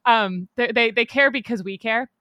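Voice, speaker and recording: A woman co-host in a casual chat, bubbly and quick to laugh. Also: a little high, sharp tone, dry recording.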